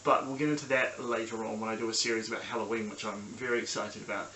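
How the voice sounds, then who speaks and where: A man's voice: fairly low pitch, fairly even intonation, quick pace, sharp tone. Chatty New Zealand man in an echoey room. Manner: rambling, enthusiastic, many ums and restarts. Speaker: podcast host. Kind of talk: casual solo review vlog. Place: small sunny room at home. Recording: echoey room with faint background hiss.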